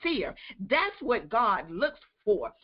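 A woman's voice: on the high side, sing-song, slow. A woman hosting a church talk show, affirming her guest and quoting scripture in an encouraging way. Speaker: host. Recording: dull lo-fi sound.

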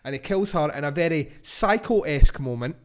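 A man's voice: on the high side, animated, moderate pace, clear, resonant tone. Sweary man ranting about a film. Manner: sweary, laughing, builds into loud tirades. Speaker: podcast host. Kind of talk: casual film-review rant.

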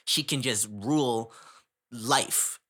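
A man's voice: medium pitch, slow, pushed and bright, husky. A young man from Canada, telling a story in casual chat, rambling with slang and frequent laughter.

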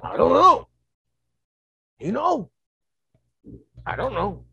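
A man's voice: high-pitched, very animated, vocal fry, pushed and bright, breathy edge, no room sound, muffled recording, pitched above the performer's own voice, heavily acted. Man playing a grunting ape man. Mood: puzzled. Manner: halting caveman grunts and short questions. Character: primitive ape man, male, confused, grunting broken speech.

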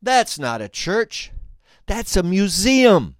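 A man's voice: high voice, very animated, slow, no room sound, clean studio sound, voice pushed up, full character voice. A man doing a polite, puzzled young tour guide woman. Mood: innocent. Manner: earnest, puzzled questioning.

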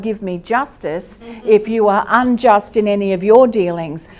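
A middle-aged Australian woman giving a lively, conversational church teaching and asking her listeners questions. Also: mid-range voice. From Queensland, Australia. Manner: lively, asks the audience questions.

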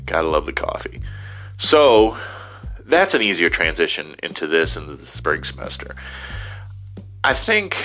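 A middle-aged man with a low, deep voice and a bright, forceful edge, rambling casually from home. He is self-deprecating and chatty, slipping into silly put-on voices, with faint music playing underneath. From Ohio, USA. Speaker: vlogger.

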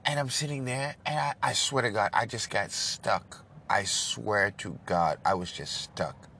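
A man's voice: fairly low pitch, measured pace, gravelly. A man chatting casually to his viewers, telling a story and acting out the voices of the people in it. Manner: storytelling, acts out quoted voices, animated. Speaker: vlogger. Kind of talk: casual chat to camera. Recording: loud traffic noise outdoors.

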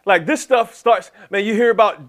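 Preaching a sermon to his congregation, a high-voiced pastor alternates between slow, drawn-out lines and quick asides. He animatedly acts out back-and-forth exchanges with the Lord.

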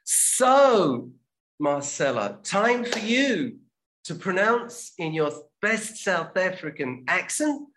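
A man's voice: high voice, sing-song, slow, a bit bright. A man with a slightly raised voice hosts a language-learning show. He talks in a loose, chatty way. He often restarts his sentences and slips in plugs for the show. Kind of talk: casual chat.

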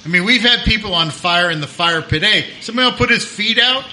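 Jokey guy cussing on a podcast, super bright lively voice, some noise. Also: high voice, quick pace, low-quality recording. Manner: joking, swears freely. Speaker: podcast guest. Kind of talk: casual chat.

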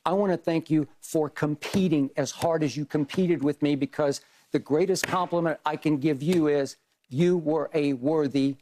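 A man's voice: on the high side, mellow, a little hiss or hum. Earnest older man paying tribute. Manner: earnest, measured tribute with wry jabs. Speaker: TV sports debate host. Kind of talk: farewell tribute on air.

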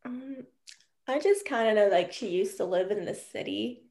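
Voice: mid-range voice, moderate pace, a little mellow. A woman student answering in class, hesitant with many fillers. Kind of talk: classroom discussion.

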